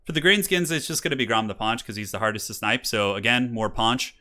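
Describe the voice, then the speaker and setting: Medium-pitched and fast, his voice sounds pushed and bright. He hosts a game tournament stream as its caster, keeping the live commentary casual while he chats, rambles, and laughs often. Classical music plays faintly in the background.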